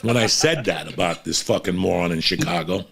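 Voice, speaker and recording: A man from Cuba tells stories on a podcast in a low, gravelly voice. He rambles and talks bluntly, with plenty of swearing. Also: fairly quick, noisy background. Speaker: podcast guest or host telling stories.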